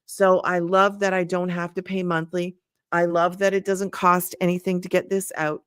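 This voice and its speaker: An older woman hosting a casual live stream. She pitches an online business to viewers, thanks them by name and repeats herself often. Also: flat delivery, normal speed, clean tone, no room sound, studio quality. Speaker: livestream host selling an online business program. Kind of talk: casual livestream sales talk.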